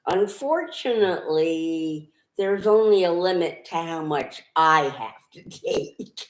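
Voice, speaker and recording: A woman's voice: on the low side, expressive, slow. A middle-aged woman co-hosting a casual livestream, making dry remarks. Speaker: co-host, host's wife. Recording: echoey room.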